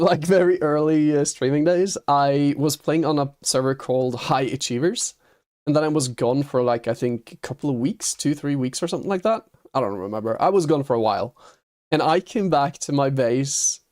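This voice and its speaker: A man's voice: mid-range voice, darkish tone. A Norwegian man, a native Norwegian speaker, chatting casually with viewers on a game livestream and chuckling often. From Norway. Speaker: streamer.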